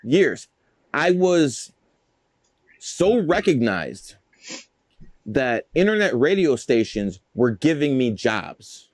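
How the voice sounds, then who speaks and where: A man's voice: medium pitch, big pitch swings, slow, long pauses, dry recording. A man telling stories as a guest in a casual interview, boastful, profane and rambling. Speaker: guest, numerologist.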